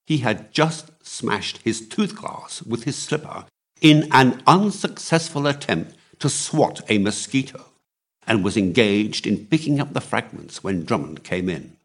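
A man narrating a novel aloud with measured storytelling. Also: mid-range voice, expressive. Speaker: audiobook reader.

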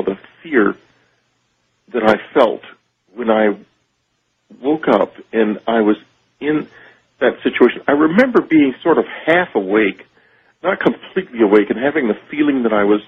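A man telling a radio host about a personal experience, halting and searching for words. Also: medium pitch, animated, breathy edge. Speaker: radio show guest. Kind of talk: phone-in interview, personal account. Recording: tinny phone line on radio.

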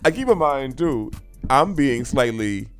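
A man co-hosting a casual morning show, wry and joking, talking in an animated way. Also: mid-range voice, measured pace, smooth, no echo, soft background music. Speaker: co-host. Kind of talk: casual chat.

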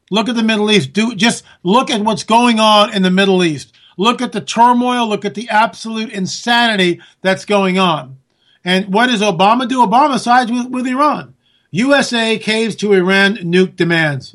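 A man giving a sarcastic, ranting political monologue that rises at times to near-shouts. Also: high-pitched, normal speed. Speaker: political commentator. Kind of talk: monologue commentary.

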